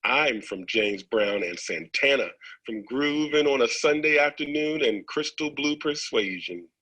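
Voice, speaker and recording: A man recites a poem line by line in a measured, even delivery. His voice is husky yet bright and forward, with a mid pitch. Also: rough recording. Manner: measured, reciting lines in turn.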